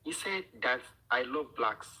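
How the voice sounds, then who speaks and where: A man chatting casually, telling an anecdote slowly and quietly, a little away from the mic. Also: medium pitch, expressive, noisy background. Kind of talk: casual chat.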